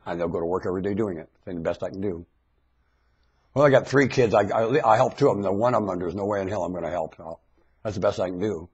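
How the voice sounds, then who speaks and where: Husky man in a shouting webcam rant. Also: muffled recording. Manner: swings from low muttering to sudden shouted outbursts. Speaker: webcam monologuist. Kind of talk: ranting webcam monologue. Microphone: webcam mic.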